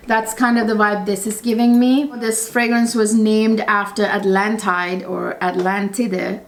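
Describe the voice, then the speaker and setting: A woman talks through her perfume collection in a casual vlog, chatty and gushing. Her voice sits a little high, and she keeps turning to address her viewers. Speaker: fragrance reviewer.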